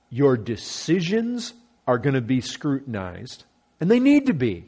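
A man's voice: fairly high pitch, darkish tone. A man preaching a sermon as a pastor, earnest and emphatic, repeating phrases to drive his points home.

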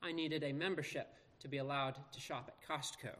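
A man pastor reading scripture aloud and preaching in an earnest, measured way with slow emphatic pauses. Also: fairly high pitch, steady tone, pushed and bright. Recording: long reverb of a large hall.

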